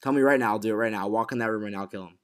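A man's voice: fairly low pitch, rapid-fire. A man co-hosting a casual podcast recap of a TV episode, talking in a loose, rambling way with lots of fillers and restarts. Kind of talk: casual chat.

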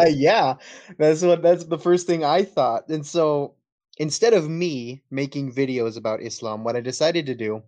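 A man's voice: on the high side, measured pace, darkish tone. A man with a slight Texan accent chatting as a podcast guest, telling stories and laughing often. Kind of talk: casual podcast chat.

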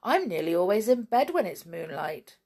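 A woman's voice: fairly low pitch, sing-song, moderate pace, darkish tone. A woman voicing a curious little boy in a storybook reading, wondering and a bit hesitant.

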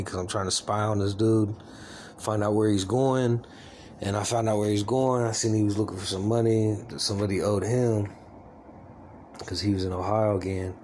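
A man in his forties with a low, gravelly voice rambles through a personal vlog, confiding and self-deprecating. A faint hiss of background noise sits under his talk. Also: a little mellow. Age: 40s.

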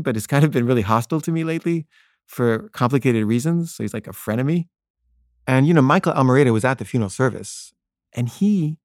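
A filmmaker recounting a personal anecdote in an earnest way, often stumbling into restarts mid-sentence. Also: male voice, medium pitch, darkish tone, no room sound, studio quality. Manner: earnest, with frequent stammered restarts.

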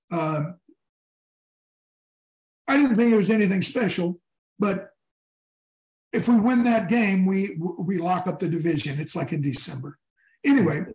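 A man in his sixties, a former football player telling stories in a casual interview, animated, swearing and acting out his teammates' lines. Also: sits high, echoey room, rough recording. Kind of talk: storytelling in casual conversation.

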